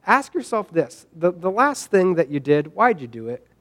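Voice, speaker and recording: High-voiced man preaching casually. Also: sing-song, normal speed, fairly bright tone. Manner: conversational, frequent "right?" asides, acts out quoted lines. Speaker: pastor. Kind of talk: sermon.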